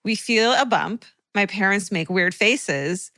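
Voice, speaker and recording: A woman's voice: medium pitch, lively intonation, slow, pushed and bright, no room sound. A woman co-hosting a podcast, reacting expressively and swearing freely, then reading a listener's story. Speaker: podcast co-host. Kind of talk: casual chat and story reading.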